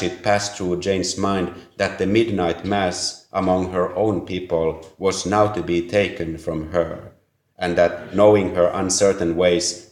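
A man narrating a story in a measured, earnest reading with a few small slips. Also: deep voice, a little mellow. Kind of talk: audiobook reading. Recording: roomy echo.

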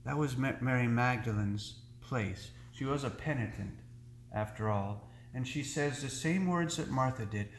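Male priest preaching a sermon at a slow, unhurried pace, earnest and deliberate, mid-pitched voice, echoing church room. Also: a little hiss or hum.

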